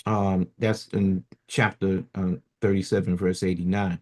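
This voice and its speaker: A radio host reading a religious story aloud and breaking off into loose, chatty commentary full of fillers. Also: male voice, sits low, little pitch movement, a little slow, darkish tone.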